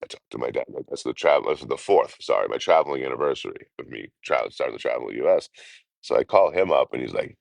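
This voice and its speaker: A man's voice: very deep voice, lively intonation, fast talker, vocal fry, no room sound. A man, chatting casually and profanely on a travel live stream, laughing often. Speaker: travel vlogger.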